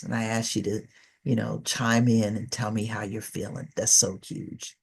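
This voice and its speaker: A woman's voice: very deep voice, level tone, moderate pace, creaky, darkish tone, husky. A middle-aged woman giving a conversational presentation as a trainer in an online session, telling stories with animation and coaxing listeners to join in.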